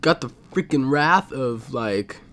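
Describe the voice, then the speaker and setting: A young man telling a comedic story, swinging between loud outbursts and muttered asides. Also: mid-range voice, animated, takes it slowly.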